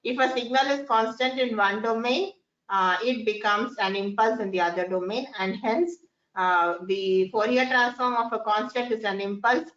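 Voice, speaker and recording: A woman's voice: a little high, normal speed, a bit bright. A woman giving a classroom lecture, often repeating phrases and putting questions to her students. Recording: echoey, dull lo-fi room sound.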